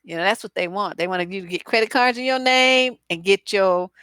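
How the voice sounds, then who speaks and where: A woman gives dating advice live with blunt, salty humor and lots of repeated asides. She sounds close to the mic in a dry room with no echo. Her pitch sits mid-range for a woman. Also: brisk, clean tone. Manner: blunt, profane, acerbic and animated, with asides and mock dialogue. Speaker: relationship coach. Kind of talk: live-stream advice chat.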